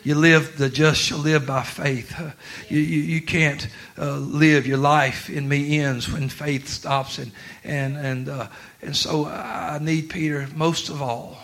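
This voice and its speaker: A man preaching a sermon, dropping to quiet talk and then rising to shouts with laughter. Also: a little high, flat delivery, slow pace, few pauses. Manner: swings from quiet to shouting, laughing through lines.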